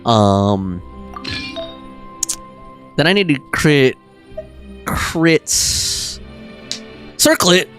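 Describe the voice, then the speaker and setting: Rambling streamer man, lively pitch. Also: very slow, long pauses. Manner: rambling, thinking aloud with laughs. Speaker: game streamer. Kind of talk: casual gameplay chat. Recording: faint game music behind.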